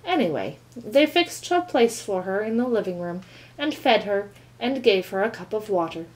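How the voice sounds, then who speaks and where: A woman reading a children's novel aloud with calm, expressive storytelling. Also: medium pitch, normal speed, rough recording. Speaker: reader.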